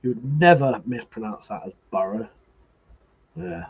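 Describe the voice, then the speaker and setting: A man's voice: fairly low pitch, expressive, measured pace, breathy edge, dull audio. A man hosting a casual live stream, arguing animatedly, swearing freely and reading viewer comments aloud. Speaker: livestream host.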